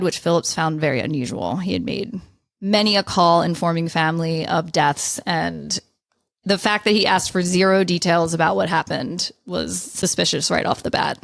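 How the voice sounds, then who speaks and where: A woman's voice: fairly low pitch, normal speed, gravelly, dry recording. A woman co-hosting a podcast, casually walking listeners through a true-crime story in order. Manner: storytelling, reading events in order. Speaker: podcast co-host.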